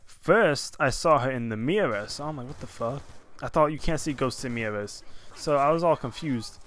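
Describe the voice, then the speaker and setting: A young man casually telling a long story over gameplay as a commentator, animated and rambling, with constant "I'm like" asides. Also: medium pitch, moderate pace.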